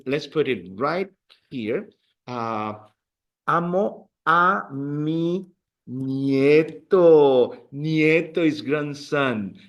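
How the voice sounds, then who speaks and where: Male language teacher, slow and lively, patient repeater, classroom lesson. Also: medium pitch. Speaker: Spanish teacher.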